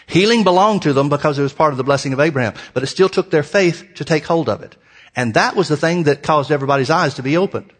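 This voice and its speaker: A man preaching a sermon in a folksy, animated way, full of rhetorical questions. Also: a little high.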